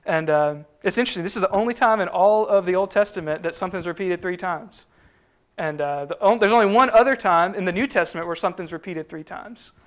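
High-voiced man preaching casually. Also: quick pace, fairly bright tone. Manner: conversational, with frequent fillers and restarts. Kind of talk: sermon teaching.

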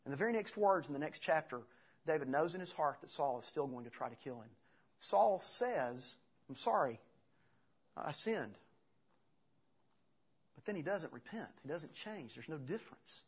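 A man preaching a sermon as pastor, earnest and halting, often restarting his phrases. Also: fairly high pitch, expressive, breathy edge. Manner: earnest, halting with restarts, retells scripture with acted quotes. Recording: dull lo-fi sound.

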